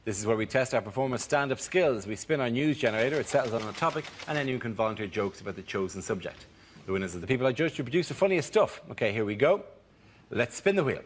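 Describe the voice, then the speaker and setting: A man hosting a comedy panel show, announcing the rounds in a brisk, formal way. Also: medium pitch, slight background noise. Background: studio audience.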